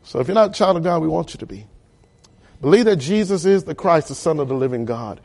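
A man preaching a sermon, building repeated phrases to loud emphatic peaks. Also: a little high, lively intonation, quick pace, vocal fry. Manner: emphatic, repetitive cadence, rising to loud peaks.

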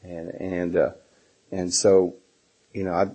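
Middle-aged man, husky and low-voiced, teaching a Bible class in a rambling, filler-heavy way. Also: level tone, slow, mellow, dull audio. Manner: rambling, many fillers and restarts. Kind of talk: informal Bible lesson with personal stories.

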